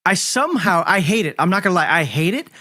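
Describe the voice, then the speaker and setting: High-voiced man telling stories casually. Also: quick pace. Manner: animated storyteller, laughing and swearing freely. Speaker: host. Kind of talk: casual reminiscing interview.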